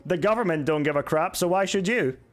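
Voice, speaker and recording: High-voiced sarcastic young male streamer. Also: a little fast, faint music behind. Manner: sarcastic, swears, answers chat. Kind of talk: casual live-stream chat while gaming.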